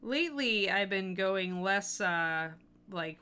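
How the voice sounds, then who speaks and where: A woman's voice: on the low side, takes it slowly, pushed and bright, clear, resonant tone. A woman hosting a live miniature painting stream, talking casually and thinking aloud with plenty of fillers.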